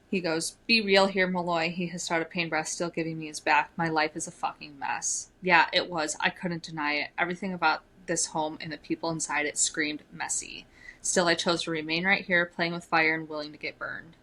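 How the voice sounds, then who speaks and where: A young woman on a book podcast whose voice sits on the low side but rings bright and forward. She reads passages aloud and then breaks off to comment on them in a lively, casual way. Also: poor audio. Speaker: podcast co-host.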